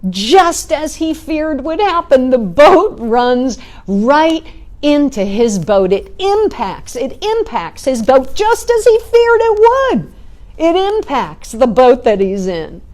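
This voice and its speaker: A middle-aged woman, a spiritual teacher, giving a talk with animated storytelling and frequent "right?" asides. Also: sits high, takes it slowly. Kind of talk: talk or sermon.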